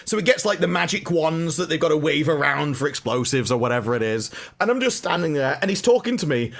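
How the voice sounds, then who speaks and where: A man telling an exasperated, ranting story in casual chat and mimicking officials in a lowered voice. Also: animated, fast, fairly bright tone. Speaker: panelist on a film talk show.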